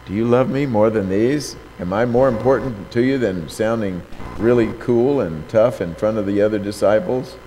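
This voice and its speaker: A man's voice: fairly low pitch, moderate pace, warm tone. A man preaching a sermon who reads scripture aloud, raises his voice for quoted lines, and keeps asking the listener rhetorical questions. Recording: long hall reverb, faint background noise.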